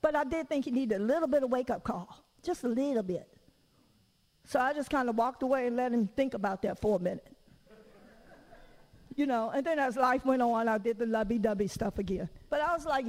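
A woman preaches in a high, bright register, candid and conversational. She laughs easily and throws rhetorical questions to her listeners. Her voice rings out into a long hall reverb. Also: brisk. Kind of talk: conversational sermon.

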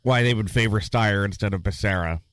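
A man's voice: on the low side, brisk, fairly bright tone, no echo. A man co-hosting a casual chat, joking around and talking with hesitant restarts. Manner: jokey, hesitant, with frequent restarts and sound-effect gags. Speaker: podcast co-host.

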